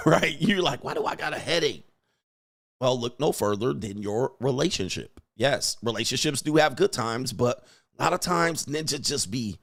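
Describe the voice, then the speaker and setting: A man hosting a show, giving loud, crude, mocking commentary on video clips and laughing often. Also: medium pitch, dry recording, clean studio sound. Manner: brash and mocking, laughs often, mimics voices. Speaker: host.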